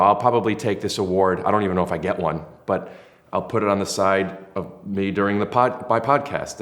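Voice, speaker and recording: A man hosting a podcast in casual chat, rambling and self-mocking, with lots of hesitant fillers. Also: low voice. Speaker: podcast host.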